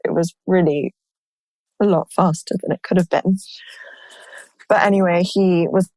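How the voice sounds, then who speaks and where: A woman guest telling her own story in an open, animated way, with many "like" fillers. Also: on the low side, normal speed, no echo, rough recording. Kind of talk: personal storytelling in a conversation.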